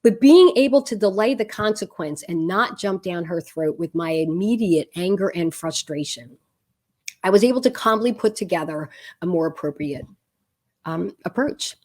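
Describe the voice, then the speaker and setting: A middle-aged woman and parenting coach tells a story in an advice video, animated and laughing at her own tale. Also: on the low side, moderate pace.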